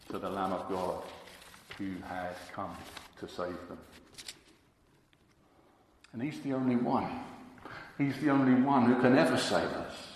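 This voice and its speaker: A man preaching a sermon, slow and emphatic, now and then acting out quotes from the crowd. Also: mid-range voice, lively intonation. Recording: echoey hall with long reverb.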